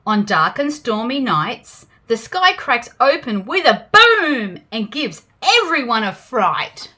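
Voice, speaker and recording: Her voice a little high and unhurried, an Australian woman reads children's picture books aloud. She performs animatedly for young listeners, with gasps and playful sound effects.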